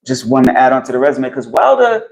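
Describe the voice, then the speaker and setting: A man rambling casually and profanely on a phone live stream while walking outdoors, getting animated as he talks. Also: medium pitch, fast talker, low-quality recording. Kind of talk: casual live-stream chat about boxing. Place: outdoors in the heat. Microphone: phone held while walking outdoors.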